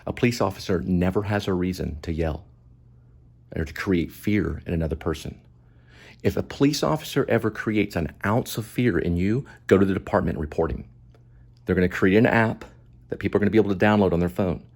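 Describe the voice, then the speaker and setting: A man's voice: sits low, fairly quick, gravelly, darkish tone. A man hosting his own show, giving emphatic, moralizing commentary on a video and repeating his points. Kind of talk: impassioned commentary.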